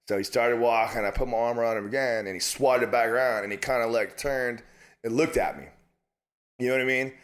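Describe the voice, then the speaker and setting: A man's voice: medium pitch, fast talker, fairly bright tone. A man, a guest on an interview show, telling stories in casual chat with heavy swearing and laughing asides. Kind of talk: casual storytelling. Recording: roomy echo.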